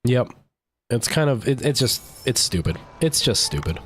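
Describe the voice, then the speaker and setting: A man's voice: medium pitch, sing-song, normal speed, a bit bright, soft background music. A young man streaming a game, chatting casually and rambling as he plays. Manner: chatty, rambling, self-correcting. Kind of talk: casual gameplay commentary.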